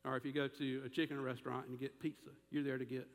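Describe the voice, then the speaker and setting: A man preaching a sermon to his congregation, in a folksy, animated way, often acting out voices. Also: medium pitch, quick pace. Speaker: pastor. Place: church sanctuary. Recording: long reverb of a church sanctuary.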